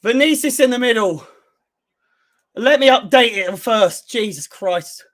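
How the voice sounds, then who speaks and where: A man with a very high, bright voice and an unhurried delivery hosts a live football watchalong for fellow fans. he calls each pass and shot as it happens and peppers his reactions with plenty of swearing. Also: lively intonation. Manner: play-by-play calls mixed with heavy swearing. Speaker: fan channel host. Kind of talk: live match watchalong commentary.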